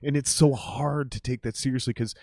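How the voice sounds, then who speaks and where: A man, a drummer who hosts a podcast, telling stories in a casual, profane and animated way and acting out the people he quotes. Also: medium pitch, a little fast, no echo, studio quality.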